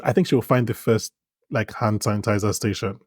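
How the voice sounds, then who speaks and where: Chatting casually in a TV recap, this podcast co-host restarts frequently and laughs easily. His voice sits on the low side, a little mellow with fairly even intonation and a fairly quick pace, captured in a dry, clean studio recording.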